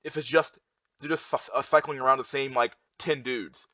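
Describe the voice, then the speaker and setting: In a bright, forceful voice at medium pitch, a young man delivers a heated rant reacting to charts, keeping a steady tone and a moderate pace. The monologue rambles and repeats, full of fillers and restarts. The recording is dry, dull and lo-fi.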